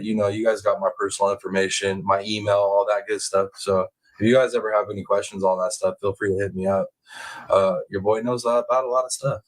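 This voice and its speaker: A man hosting a casual livestream from home, chatting with viewers and reading their comments in a relaxed, drawling way that jumps higher when he gets excited. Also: rough recording. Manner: laid-back, chatty, drawling out words. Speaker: livestream host reading chat.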